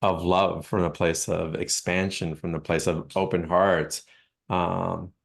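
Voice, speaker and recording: A man hosting a call, musing slowly in a casual chat and stacking up phrases as he reflects. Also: low voice, flat delivery, gravelly. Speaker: host.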